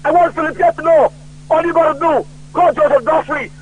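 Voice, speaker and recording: A man calling in to a radio talk show, ranting loudly about politics and retelling old conversations. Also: very high voice, fairly even intonation, brisk, over a noisy crowd. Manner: loud and heated, retelling quoted conversations. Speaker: radio call-in caller. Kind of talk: political rant on a call-in show. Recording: tinny phone line.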